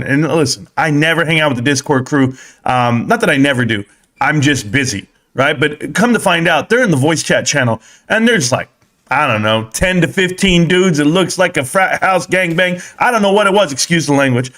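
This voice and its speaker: A man hosting a casual stock market live stream, rambling and joking as he gives shout-outs to his viewers. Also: fairly high pitch, animated, moderate pace.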